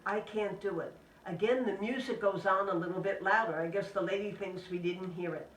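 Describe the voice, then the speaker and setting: Gentle religious sister speaking from afar. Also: female voice, mid-range voice, a little hiss or hum. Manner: gentle, measured delivery in short list-like phrases. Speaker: Catholic sister giving a spiritual talk. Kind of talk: inspirational talk to a live audience. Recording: echoey room, speaker distant from the mic.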